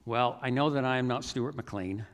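A man's voice: mid-range voice, normal speed, big-room sound. A male pastor telling a Bible story in a reflective, conversational sermon, with self-deprecating asides.

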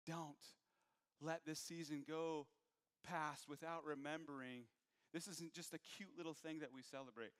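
High-voiced preacher man in a reverberant hall. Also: fairly even intonation, measured pace, clean tone. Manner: swings from hushed to raised, emphatic preaching. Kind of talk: sermon.

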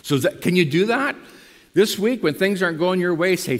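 A man preaching a sermon to his congregation in lively style, now and then rising to loud emphatic bursts. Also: high voice, fairly quick, in a large hall. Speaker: pastor.

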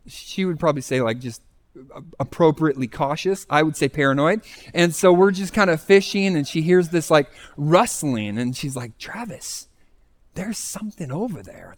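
Higher-voiced man preaching a sermon. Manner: conversational storytelling preacher. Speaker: pastor.

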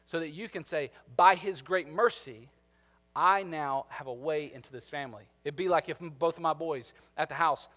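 A man's voice: on the high side, brisk, few pauses, pushed and bright. A man in his thirties preaching a sermon, talking conversationally and checking in with the congregation. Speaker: pastor. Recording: long hall reverb.

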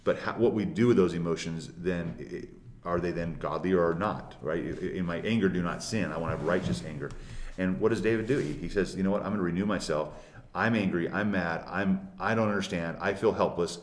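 A man's voice: deep voice, fast talker, a little mellow. A man co-hosting a casual Christian discussion, speaking earnestly and emphatically, voicing scripture quotes with rising force. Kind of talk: casual chat about scripture. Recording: roomy echo.

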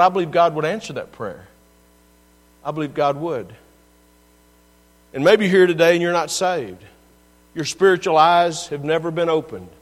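A man delivering a sermon with a somewhat high voice, earnest and pleading, pushing hard in some moments and easing off in others. His voice carries a long reverb from the church around him, with a faint mains hum underneath. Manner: earnest, pleading, rising and falling in intensity. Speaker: pastor. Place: church sanctuary.

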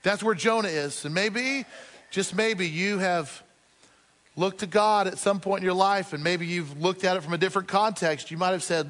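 A man with a high voice delivers an earnest sermon in a church. He questions his listeners directly and slows down to press home his points. The sound carries a long hall reverb. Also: a bit bright. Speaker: pastor.

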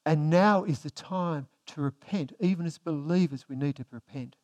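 A male pastor with a fairly high voice preaches at normal speed, putting rhetorical questions to the congregation. His delivery swings between emphatic and hushed.

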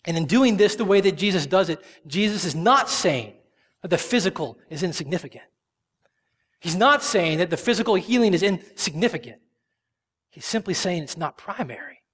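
A male pastor preaching a sermon with passion, swinging from loud emphasis to hushed whispers. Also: high-pitched, long reverb tail.

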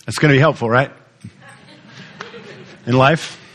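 A man preaching a sermon, teaching with lively repetition and questions to the congregation. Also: medium pitch, unhurried. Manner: animated teaching, repeats words, asks the audience questions. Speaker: pastor.

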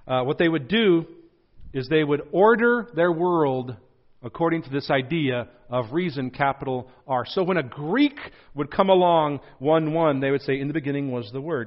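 A man in a church pulpit gives a teaching sermon in a slightly high voice. He spells words out and repeats points for those taking notes, slowing down and getting louder for emphasis. The recording sounds muffled and dull. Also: animated. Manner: slows and rises in volume for emphasis. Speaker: pastor. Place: church sanctuary.

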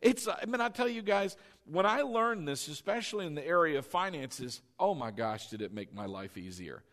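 A man preaching a sermon as pastor, animated and coaxing his congregation to repeat lines after him. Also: on the high side, normal speed.

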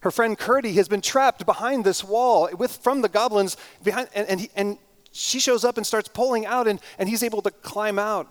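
A pastor preaching a sermon, retelling a story in an animated, conversational way. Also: male voice, high-pitched, moderate pace.

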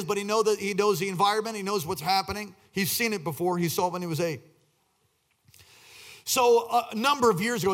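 A man with a notably high voice preaches a sermon with lively energy. He questions his listeners and swings between soft asides and loud, emphatic bursts. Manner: asks the congregation questions. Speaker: pastor.

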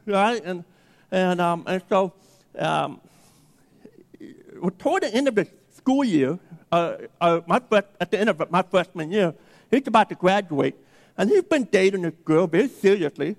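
A man with a high, lively voice preaches a sermon, acting out the voices in his story. Long reverb from a church hall surrounds him. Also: a little slow. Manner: animated storyteller, acting out dialogue. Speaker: pastor.

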